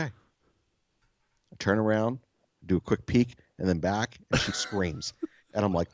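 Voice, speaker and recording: Soft-spoken man telling a story. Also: fairly low pitch, animated, unhurried, long pauses, no room sound. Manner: swears freely, laughs at himself. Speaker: podcast co-host. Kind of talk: casual storytelling.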